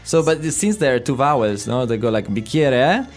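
A man with an Italian accent co-hosting a language lesson, relaxed with hesitant fillers. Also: mid-range voice, a little fast, faint music behind. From Italy. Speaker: native-speaker co-host.

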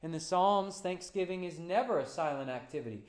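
A pastor preaching a sermon, moving between quiet, low passages and loud, high-pitched climaxes. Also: male voice, expressive, fairly quick, echoey room.

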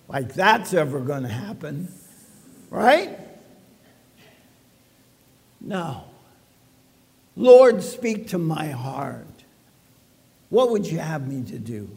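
High-voiced pastor preaching in a reverberant hall. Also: male voice, very animated, takes it slowly, gravelly, pauses often, darkish tone, slightly rough. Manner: conversational preaching with quips and asides. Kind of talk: sermon.

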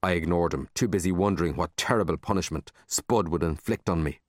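A man narrating a children's story in an expressive, animated reading. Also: low-pitched, fairly quick, no room sound, clean studio sound. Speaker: audiobook narrator.

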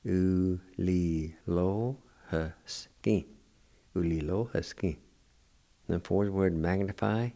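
An older man hosting a radio language lesson, spelling words letter by letter and repeating each pronunciation slowly. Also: low voice, vocal fry, mellow. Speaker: radio host teaching language.

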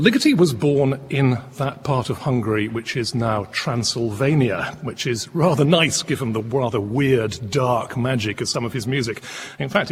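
A man presenting a radio music programme, explaining in a lively, expressive way. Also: mid-range voice, big-room sound.

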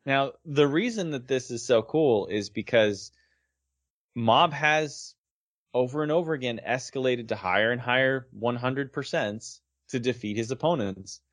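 A man's voice: medium pitch, unhurried, fairly bright tone, no echo, studio quality. A man co-hosting a casual podcast, analyzing an anime and asking pointed questions. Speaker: podcast co-host.

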